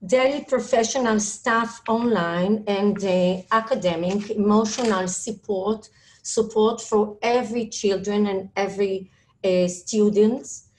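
Israeli woman, non-native English, slow halting webinar talk, video-call audio, many fillers. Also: mid-range voice, a little mellow. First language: Hebrew. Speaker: school administrator speaking on a panel. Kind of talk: webinar presentation.

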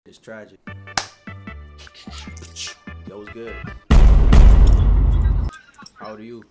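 A man's voice: lowish voice, flat delivery, unhurried, over loud music. Brash slangy New guy, 19. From Queens, New York. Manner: brash, slangy, flirting cockily. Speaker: streamer chatting with strangers. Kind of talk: casual video-chat banter.

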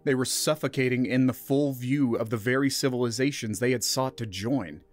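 A man narrating a scripted science fiction story in a steady, even reading voice. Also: mid-range voice, moderate pace, soft background music.

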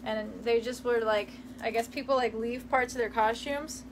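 High-voiced chatty young woman, giggly. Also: steady tone, moderate pace, noisy background. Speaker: vlogger. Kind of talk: casual chat reading live comments. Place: room in her parents' house.

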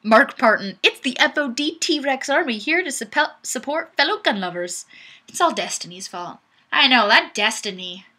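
A woman's voice: high voice, lively intonation, normal speed, bright, forceful tone. Bubbly young woman reading comments. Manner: bubbly, playful, laughs often. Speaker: webcam show host. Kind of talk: reading viewer comments aloud, casual chat. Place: home webcam setup. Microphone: webcam microphone.

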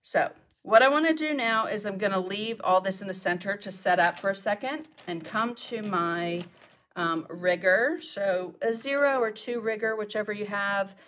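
A middle-aged woman with a fairly bright, mid-range voice teaches painting live from her home studio at a normal speed. She's chatty throughout, muttering to herself while she paints.

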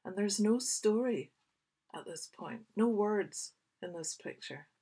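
A woman, a children's author, reading her picture book aloud for young children with expressive, whispery asides. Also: medium pitch, slow, breathy edge.

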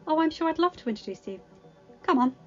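A woman's voice: sits high, expressive, quick pace, muffled recording, faint music behind, voice pushed up. A woman reading aloud, voicing a kind, shy young woman who talks eagerly to her animal friends. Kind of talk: storybook reading.

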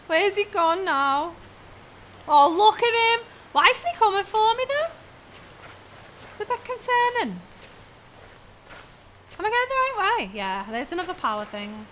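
Casting: woman, very high bright voice, skittish horror-game commentary, swears and yelps. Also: slight background noise. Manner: jumpy, swears and screams at scares. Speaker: gamer. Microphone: headset.

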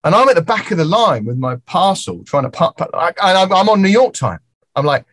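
A man's voice: high-pitched, fairly quick, no echo. A middle-aged man, a music producer who is a guest on a podcast and talks freely, acting out the voices of people in his stories. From England. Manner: lively storyteller acting out quoted voices. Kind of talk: casual podcast conversation.

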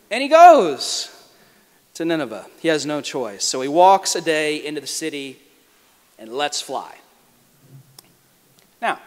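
A man delivering a lively sermon as a guest preacher, with quick asides and acted-out quotes. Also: sits high. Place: large church sanctuary. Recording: long church reverb.

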